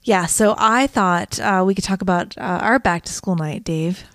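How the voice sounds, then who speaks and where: A woman's voice: mid-range voice, moderate pace, no echo, clean studio sound. A middle-aged woman co-hosting a podcast, chatting with a wry, observant manner. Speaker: podcast co-host. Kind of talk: casual chat.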